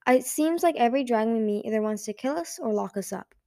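A woman's voice: on the high side, animated, fast, dark tone, no echo, studio quality. A woman voicing an anxious, hopeful young female dragon in an audiobook reading, earnest and pleading.

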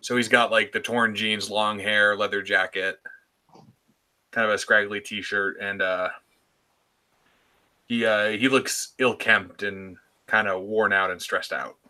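Low, bright-toned man, hesitant player. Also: fairly even intonation, slow. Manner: hesitant, filler-heavy. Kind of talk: casual tabletop play.

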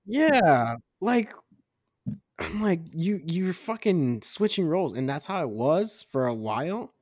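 A man in his twenties on a casual podcast, telling a rambling, profanity-heavy story about his military days, with tipsy, animated storytelling. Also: high-pitched, slow pace, no room sound, clean studio sound. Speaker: podcast co-host. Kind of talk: casual drunk storytelling chat.

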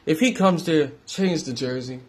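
Profane, emphatic young man ranting. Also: normal speed. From New York. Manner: profane and emphatic, swinging between loud outbursts and low mutters. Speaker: independent musician giving sports opinions. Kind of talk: casual ranting monologue.

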